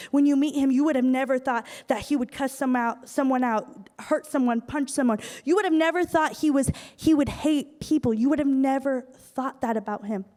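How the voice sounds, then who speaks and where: A woman's voice: high-pitched, mellow. Earnest woman preaching in a reverberant hall. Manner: earnest, acts out quoted lines. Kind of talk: sermon storytelling. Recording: long reverb of a large hall.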